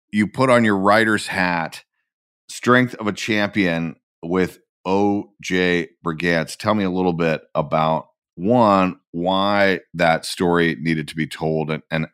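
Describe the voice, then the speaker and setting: A man's voice: low-pitched, takes it slowly, a bit bright, smooth, dry recording, clean studio sound. A man hosting a podcast interview, asking questions in an earnest, plain-spoken way. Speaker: podcast host. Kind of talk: conversational interview.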